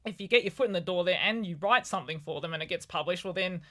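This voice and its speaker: A woman's voice: fairly low pitch, quick pace, fairly bright tone. Woman chatting, rambling, laughing. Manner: rambling, laughs often, many restarts. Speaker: podcast co-host. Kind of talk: casual chat.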